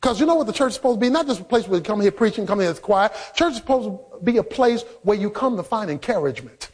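A man preaching a sermon, emphatic and rising into shouts for emphasis. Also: high-pitched, animated, quick pace, slightly rough. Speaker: pastor.

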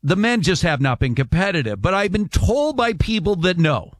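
A man's voice: sits high, sing-song, moderate pace, no echo, studio quality. A middle-aged man co-hosting a radio show, chatting casually and explaining sports facts. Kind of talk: casual talk radio chat.

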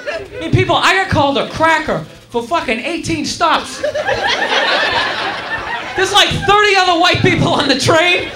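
A man with a very high voice doing live stand-up in a comedy club, telling his story in an animated way and acting out characters. The room sounds roomy and echoey, with a clearly audible crowd and background noise. He talks into a stage mic. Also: moderate pace, pauses often.

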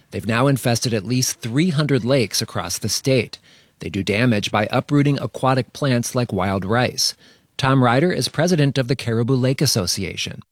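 A man reporting a news feature for radio in a measured, even narration. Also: mid-range voice, breathy edge, dry recording.

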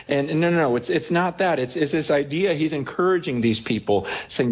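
A man's voice: on the high side, fairly quick, hardly any pauses. A pastor preaching a sermon in a conversational, storytelling way, often restarting his sentences.

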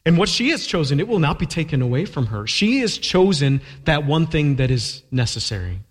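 A man voicing a gentle male teacher who speaks softly, earnestly and patiently, echoing in a large hall. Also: fairly high pitch, sing-song, a little fast. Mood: tender. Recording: long reverb of a large hall.

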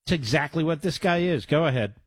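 A man's voice: a little high, animated, brisk, husky. A man hosting talk radio, combative and sarcastic, cutting into clips with insults. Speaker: radio talk show host.

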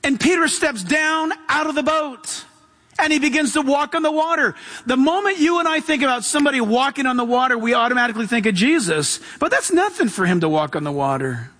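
Male preacher with a very high voice, emphatic sermon delivery and a long hall echo. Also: expressive, a little fast, pushed and bright. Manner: emphatic, with rhetorical questions and calls to the congregation.

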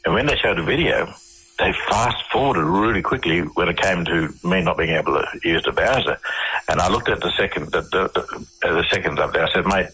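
A man's voice: sits low, brisk, bright, forceful tone, breathy edge, low-quality recording. An Australian man telling a long story as an interview guest, rambling and often restarting his words. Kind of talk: conversational storytelling.

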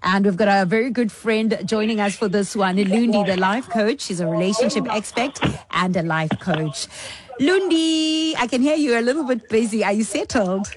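A woman's voice: medium pitch, moderate pace. A woman hosting a radio talk show, speaking a friendly mix of English and Zulu into a studio mic. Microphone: studio mic with headphones.

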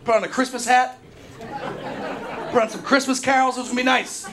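A man in his thirties performing a stand-up comedy set, telling profane stories that break into shouted rants. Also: extremely high pitch, steady tone, brisk. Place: comedy club stage. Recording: live club recording with crowd noise. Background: audience laughter.

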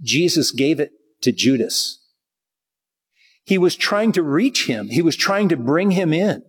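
A man preaching a sermon in a conversational way, reading scripture slowly and deliberately. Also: on the high side, big pitch swings, slightly rough. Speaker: pastor. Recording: long reverb of a large hall.

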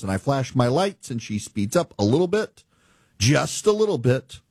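A man's voice: fairly high pitch, no room sound. A man hosting a casual talk show, ranting in disbelief about bad drivers and laughing at his own stories. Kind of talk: casual monologue.

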